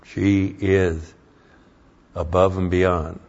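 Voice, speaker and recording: Older man, pastor, sermon, low voice, unhurried, folksy then emphatic, muffled lo-fi recording. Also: level tone, creaky, a little mellow. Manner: folksy storytelling that rises into emphatic preaching.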